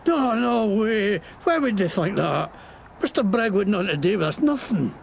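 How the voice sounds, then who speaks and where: An actor playing a jittery, defensive man faking a Scottish accent, with a gravelly voice. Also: big pitch swings, measured pace, slight background noise, heavily acted. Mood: nervous. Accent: put-on Scottish. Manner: jittery, defensive, swings pitch wildly. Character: shifty man faking Scottish roots, panicky.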